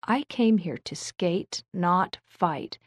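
A calm, fair-minded teenage boy, as a woman reads him, speaking in an even, steady way. Storybook telling in a close, dry recording. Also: on the low side, slow, no echo. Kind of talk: storybook reading.

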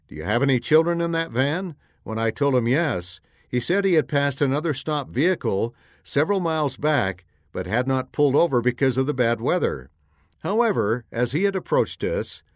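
A man from Canada reading a personal story aloud in an earnest, measured narration. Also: medium pitch, no echo, studio quality. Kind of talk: scripted narration.

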